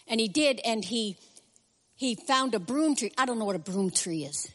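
A woman teaching in a conversational sermon, retelling scripture in a chatty, animated way with side remarks. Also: fairly high pitch, normal speed. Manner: chatty, animated storytelling with asides. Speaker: Bible teacher. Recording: long reverb of a large hall.

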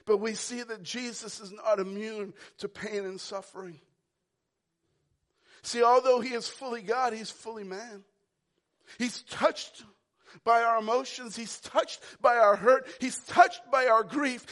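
A man preaching a sermon, repeating phrases for emphasis and swinging from shouts down to a hushed whisper. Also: high-pitched, a little slow. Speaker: pastor.

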